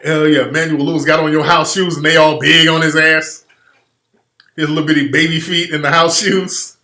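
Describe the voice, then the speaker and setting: Brash comic storyteller, man, bright voice, echoey room. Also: a little high, moderate pace. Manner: loud, profane, animated riffing. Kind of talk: comedic storytelling on a podcast. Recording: roomy studio echo.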